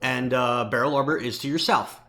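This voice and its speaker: A man's voice: medium pitch, brisk, sharp tone, slight background noise. A man narrating a tabletop game as game master in an easygoing, hesitant way.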